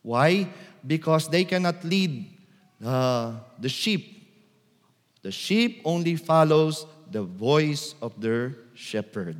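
A man preaching a sermon as a priest, slow and deliberate, sometimes calling out loudly. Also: on the high side, lively intonation. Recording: long church reverb.

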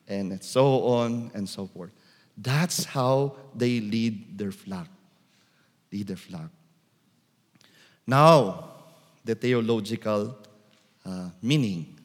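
A priest delivers a sermon at an unhurried, measured pace. Now and then his voice rises into loud calls. The sound carries a long reverb, as in a large church. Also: mid-range voice. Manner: slow and deliberate, calling out loudly to act the shepherd.

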